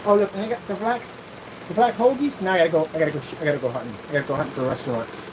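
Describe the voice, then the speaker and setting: A man rambling through a casual vlog while testing projection screen paint, animated, jokey and full of tangents. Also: a little high, racing, background noise.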